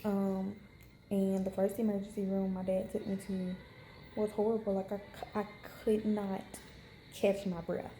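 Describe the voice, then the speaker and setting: A woman's voice: medium pitch, little pitch movement, unhurried, mellow, reverberant, slight background noise. A young woman vlogger telling a story to camera in a frank, chatty way with many fillers. She is unwell and in pain. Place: hospital room.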